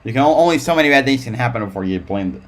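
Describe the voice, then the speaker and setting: A man's voice: mid-range voice, lively intonation, very fast. A man live-streaming casual race commentary in a rambling way, with frequent restarts.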